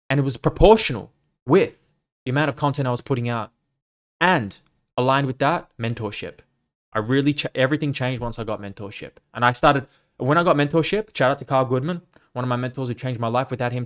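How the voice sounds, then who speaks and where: A man hosting a casual monologue podcast, talking in a blunt, profane and rambling way about his coaching business. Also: mid-range voice. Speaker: fitness coach and podcast host.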